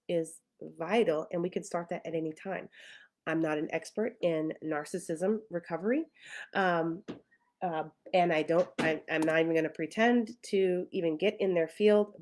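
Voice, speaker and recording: A woman therapist with a somewhat low voice talks through her ideas, often pausing on fillers and starting sentences over. Now and then she acts out how she used to feel. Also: a little mellow. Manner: thoughtful, many fillers and restarts; acts out her own past feelings in quotes. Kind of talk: casual talk to camera.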